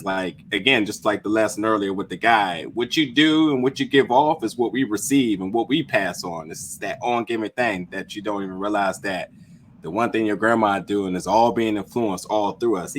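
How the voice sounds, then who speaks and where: A man's voice: medium pitch, fairly bright tone, a little hiss or hum. Laid-back, encouraging New man. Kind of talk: casual podcast chat.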